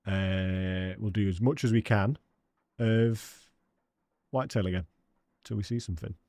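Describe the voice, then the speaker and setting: A man's voice: on the low side, unhurried, darkish tone, no echo. A man with an English accent chatting casually with viewers while live-streaming a hunting game, laughing often and calling people mate. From England. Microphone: studio dynamic microphone.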